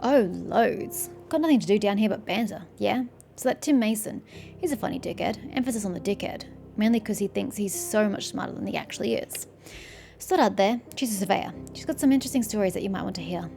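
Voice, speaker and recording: A woman's voice: medium pitch, animated, brisk, creaky, dark tone. A woman reading the lines of a remorseful male soldier in prison, blunt and swearing freely, with faint game music behind. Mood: chatty.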